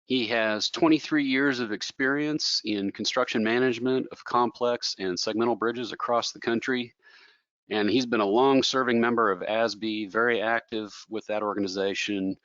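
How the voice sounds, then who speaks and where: A man's voice: medium pitch, fairly even intonation, normal speed, a bit bright, no echo, highs cut off. A man moderating a webinar, reading housekeeping notes and a speaker introduction. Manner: reads announcements and a speaker bio.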